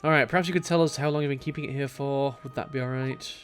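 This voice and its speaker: A man's voice: medium pitch, fairly even intonation, fast, faint music behind, natural voice. A man voicing a polite, eager young female detective who asks questions in a politely inquisitive way. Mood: inquiring.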